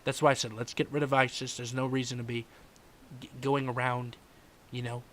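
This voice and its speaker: A man's voice: mid-range voice, little pitch movement, a little fast, a little hiss or hum, natural voice. A man doing a rambling, boastful older politician. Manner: rambling, repetitive, trails off quietly on "folks" and "okay". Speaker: podcast host doing an impression. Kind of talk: comedic political impression monologue.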